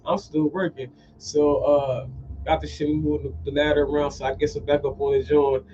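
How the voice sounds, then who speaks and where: Profane, animated man with a fairly high voice. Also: fairly quick, noisy background. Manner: profane, animated, repeats phrases. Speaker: podcast host. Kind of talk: casual storytelling monologue. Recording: dull lo-fi sound.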